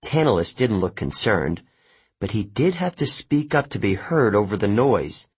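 Man, audiobook narrator, husky, animated pitch, first-person adventure reading. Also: normal speed. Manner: lively first-person storytelling, raises voice for shouted dialogue. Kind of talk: scripted narration of a novel.

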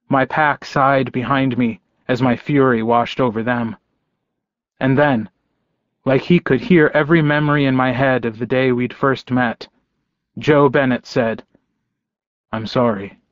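Man narrating audiobook, slow measured reading, dry booth, slightly dull recording. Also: mid-range voice, dry recording. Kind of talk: first-person audiobook narration.

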